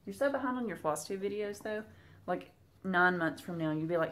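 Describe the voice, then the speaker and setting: A woman's voice: mid-range voice, expressive, fairly quick, a bit bright, slight background noise. A young woman with a Southern US accent, chatting casually to her viewers as she unboxes and shows off old craft patterns. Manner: chatty, talks straight to viewers. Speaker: Flosstube vlogger. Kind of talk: casual chat while unboxing.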